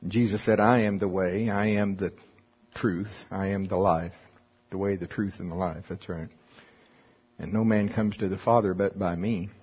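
A man's voice: lowish voice, breathy edge, lo-fi sound. A man preaching folksy Bible teaching, reading scripture aloud and explaining it with chuckling asides.

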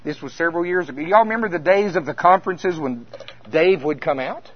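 Male preacher, storyteller who drops quiet then builds loud, muffled lo-fi audio. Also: a little high, brisk, slight background noise. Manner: storytelling, swings from hushed to loud. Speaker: minister. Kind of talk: conference sermon. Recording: dull lo-fi sound.

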